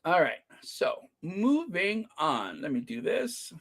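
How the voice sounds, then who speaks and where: Slow, lively-pitched mocking commentary host. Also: very noisy. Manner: mocking, scornful and animated, often laughing. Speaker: royal commentary channel host. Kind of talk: casual commentary vlog, reading comments and articles aloud.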